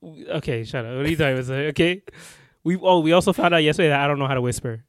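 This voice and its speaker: A man's voice: a little high, very fast, clean tone, dry recording, studio quality. A man co-hosting a podcast in casual, joking banter with his cousin, often laughing. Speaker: podcast co-host. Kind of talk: casual chat.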